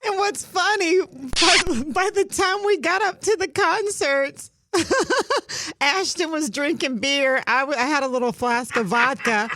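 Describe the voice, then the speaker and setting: A woman co-hosting a podcast, telling stories in a giggly, animated chat. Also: sits high, measured pace. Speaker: podcast co-host. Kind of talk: casual storytelling chat.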